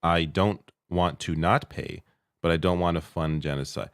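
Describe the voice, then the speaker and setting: Low-voiced man on a dry mic. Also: steady tone, moderate pace, clear, resonant tone, dry recording. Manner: laid-back, chuckling, trails off. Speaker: co-host reading donations. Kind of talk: casual livestream chat.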